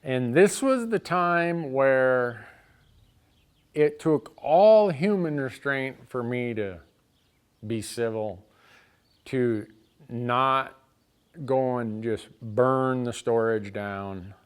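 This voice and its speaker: A man's voice: medium pitch, lively intonation, drawn-out words, pauses often, clear, resonant tone. A man telling a funny story from his own life in a shop. He talks casually with wry asides and often restarts a sentence mid-thought. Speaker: storyteller on an outdoors show. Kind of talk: casual spoken anecdote.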